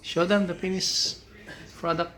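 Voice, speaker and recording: A man, a father chatting gently with his daughter and chuckling often as he films. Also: high voice, flat delivery, measured pace. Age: 50s. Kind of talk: casual family chat.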